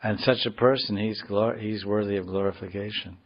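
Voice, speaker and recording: A man giving a scripture class, explaining words slowly in a digressive, joking way, heard in a dull lo-fi recording. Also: lowish voice, steady tone. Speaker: spiritual teacher.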